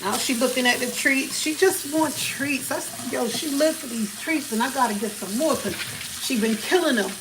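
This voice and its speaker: A woman's voice: high-pitched, moderate pace. A young woman, chatting loosely and joking with profanity as she cooks breakfast on a livestream. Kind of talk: casual livestream chat while cooking. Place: home kitchen. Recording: distant phone mic with background noise.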